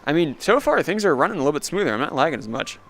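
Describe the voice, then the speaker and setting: A man's voice: a little high, very animated, racing, a bit bright. A young man streaming a VR game live, commenting sarcastically and laughing often. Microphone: VR headset mic.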